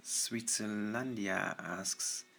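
An Irish man talks in a loose, rambling monologue, working through listener messages with plenty of fillers and self-deprecating asides. His voice sits low but comes across forceful and pressing. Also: drawn-out words, creaky. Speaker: audio content creator answering listener messages.

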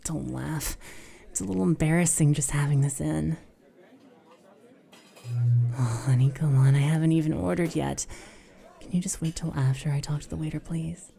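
A young adult woman in a whispered role-play, talking in flustered, breathy whispers and teasing asides. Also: low voice, moderate pace, dark tone.

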